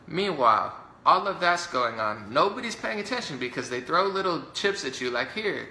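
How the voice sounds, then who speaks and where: A man delivering a heated, indignant political rant to camera, talking fast with many fillers and mocking his opponents. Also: on the high side, big pitch swings, bright, forceful tone, a little hiss or hum. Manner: rapid, indignant, mocks opponents in put-on voices. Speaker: political commentator. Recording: roomy echo.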